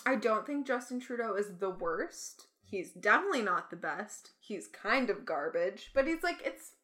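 A young Canadian woman co-hosting a podcast in casual chat, sarcastic and quick to laugh. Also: medium pitch, very animated, a bit bright. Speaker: podcast co-host.

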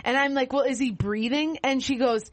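A woman with a somewhat high voice tells family stories in a lively, animated way on a casual podcast. The sound is dry and close to the mic, with no room around it. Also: brisk, no room sound. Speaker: teacher and podcast co-host.

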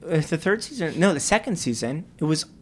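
A man interviewing a guest in a relaxed, chatty way, laughing along easily. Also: fairly high pitch, fairly quick. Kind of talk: casual conversation.

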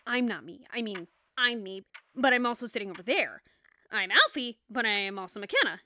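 A woman's voice: fairly high pitch, animated, fairly quick, pushed and bright, dry recording. A woman in an audio drama, voicing a flippant, joking young man swapped into a woman's body. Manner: jokey, flippant.

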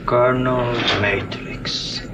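Slow, labored ex-dictator villain played by a man with a clumsy fake Spanish accent, film audio with noise behind. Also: medium pitch, steady tone, close to an everyday voice. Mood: menacing. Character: middle-aged male ex-dictator villain. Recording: film soundtrack with background noise.

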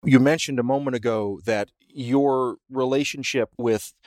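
A man hosting an interview program, speaking at a middling pitch with a measured, articulate delivery. He frames long questions carefully. The sound is dry and close, as if from a studio mic. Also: steady tone, darkish tone, dry recording. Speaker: radio show host. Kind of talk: interviewing a guest.

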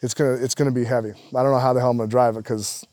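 A man talks fast on a casual podcast, swearing freely and working up his stories with animated energy. His voice sits at an average pitch, recorded dry and close. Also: no echo. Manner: profane, animated storyteller. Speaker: guest, professional golfer.

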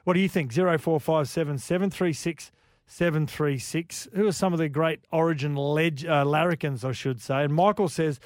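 Australian man, higher-pitched voice, dry close studio sound, relaxed sports radio chat, yarn-spinning host. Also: moderate pace, no echo. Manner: storytelling, reading out listener texts.

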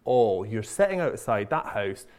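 A man's voice: lowish voice, very animated, a little slow, a little mellow. Enthusiastic man interviewing an author. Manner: enthusiastic, chatty questioning. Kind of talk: conversational interview.

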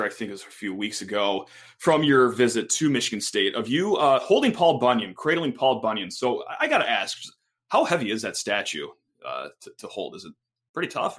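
A man hosting a casual sports podcast, talking in an energetic, joking way and reading ads. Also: medium pitch. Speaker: podcast host.

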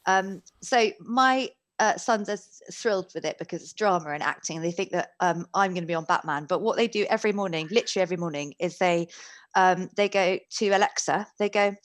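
A woman, an actress and producer, talking in a casual panel chat and telling stories in an animated, laughing way. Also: lowish voice, brisk. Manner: animated storyteller, laughs easily.

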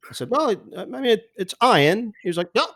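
Man, sports broadcaster, podcast guest, animated storyteller, slightly high pitch, mimics voices. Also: brisk. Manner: lively anecdotes, mimics other people's voices.

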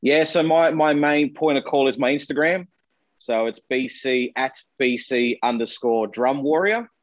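A man talks openly and earnestly as an interview guest, his voice at a middling pitch and plainly conversational. He swears casually. The recording is dull and lo-fi, with a dry, close sound and no room to speak of. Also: unhurried, no room sound. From Australia. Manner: open, earnest, swears freely. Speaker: guest, musician. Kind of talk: candid interview talk.

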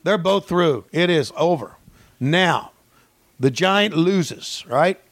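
A man with a gravelly, fry-edged voice riffs through a profane mock play-by-play on a podcast. He drops to low mumbles, then jumps to yelling excitement. The sound is close and dry, with little room. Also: slow, no echo. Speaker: podcast co-host.

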